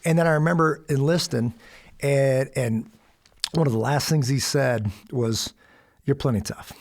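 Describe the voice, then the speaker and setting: A man from the United States telling a personal story in a conversation, animated and acting out the voices of others. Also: medium pitch, unhurried. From Kansas City, USA. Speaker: podcast guest.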